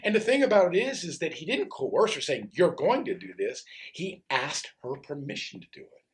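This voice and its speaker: A male pastor with a voice on the high side preaches briskly in an animated, conversational way. He frequently poses rhetorical questions.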